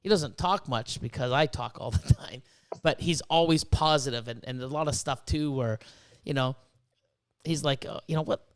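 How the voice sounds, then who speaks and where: A man hosting a podcast, chatting casually in a rambling, profane and animated way. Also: medium pitch, moderate pace, clean tone. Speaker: podcast host.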